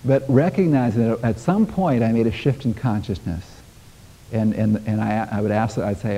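A man's voice: lowish voice, normal speed, warm tone, long reverb tail, rough recording. A male minister giving a conversational sermon, talking casually and chuckling through folksy asides to his congregation. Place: church sanctuary.

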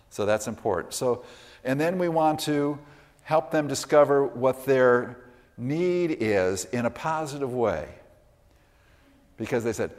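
A man teaching a workshop on listening in a gentle, measured way, often letting his voice fall quietly at the ends of phrases. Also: medium pitch. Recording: reverberant hall.

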